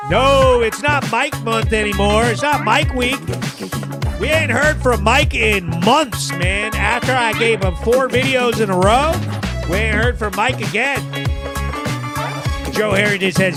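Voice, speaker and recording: A man's voice: extremely high pitch, a little slow, music in the background. A man hosting a live local news recap show, reading viewer comments aloud in a brash, joking, slangy way that sometimes turns sing-song. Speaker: host.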